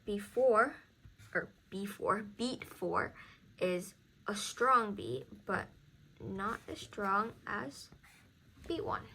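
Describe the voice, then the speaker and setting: A woman's voice: medium pitch, bright, forceful tone, slight background noise. A young woman tutoring music theory in a casual walkthrough, counting beats aloud and encouraging the student. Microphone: camera mic at a desk.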